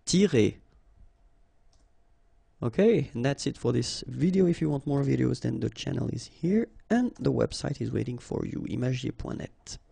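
A man's voice: mid-range voice, expressive, moderate pace, vocal fry, mellow, slightly rough, no room sound. A man with a French accent teaching French vocabulary, patiently spelling out sounds and repeating each word.

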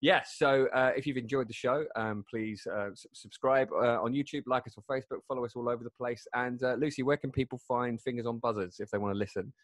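A man's voice: medium pitch, fairly even intonation, quick pace, hardly any pauses, no room sound. A man with a Northern English accent hosting a casual comedic chat, riffing with mock indignation. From Northern England. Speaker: host.

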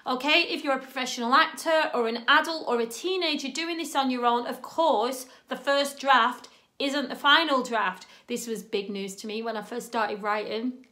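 A woman teaching a drama and writing lesson, chatty and animated, often checking in with "okay?". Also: sits high, moderate pace. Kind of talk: instructional talk.

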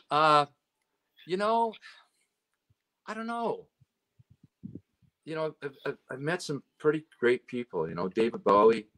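A man from Canada, a guest who works as a road and stage manager, tells stories in a casual chat, rambling and sprinkling in "you know" and "right?". His voice is a little high with lively intonation and a fairly bright tone, at a slow pace with long pauses.

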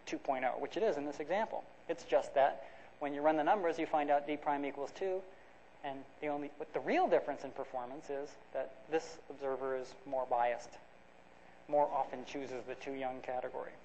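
On a dull, lo-fi lecture-hall recording with slight background noise, a man gives a conversational academic lecture. His voice is a little high and a little mellow, he talks a little fast, and he often restarts and uses fillers as he explains step by step.

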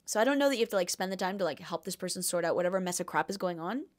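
A woman's voice: on the low side, animated, rapid-fire. A young woman hosting a podcast, reading out listener questions and giving casual, jokey advice full of fillers and asides.

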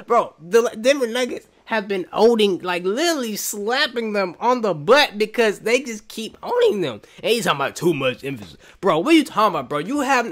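A man reacting to basketball clips, animated and incredulous, saying "bro" at the end of many lines. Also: sits high, fairly quick, few pauses. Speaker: reaction streamer. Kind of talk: excited sports reaction commentary.

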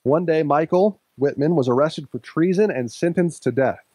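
A man's voice: on the high side, moderate pace, warm tone, no room sound, poor audio. A male pastor preaching a sermon in a conversational way, laughing lightly now and then.

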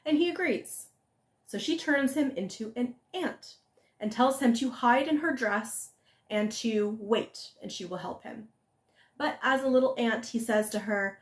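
A woman retelling a fairy tale in a casual, lively, conversational way as a storyteller. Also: a little high, normal speed. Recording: echoey room.

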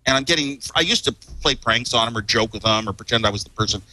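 A man's voice: medium pitch, quick pace, sharp tone, poor audio. Rambling, chuckling man telling stories. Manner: rambling, chuckling, repeats words. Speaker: guest. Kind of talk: casual storytelling.

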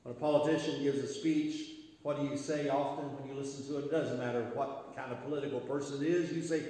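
A male pastor delivering a sermon with rhythmic repetition and phrase ends that trail off quietly. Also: on the high side, steady tone, fairly quick. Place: church sanctuary. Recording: echoey church sanctuary with long reverb.

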